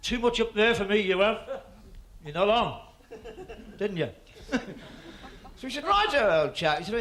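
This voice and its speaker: A man's voice: sits high, sing-song, a little slow, pauses often, a bit bright. A man telling long joke stories on stage in a stand-up act, with a rambling patter and voiced characters. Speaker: stand-up comedian.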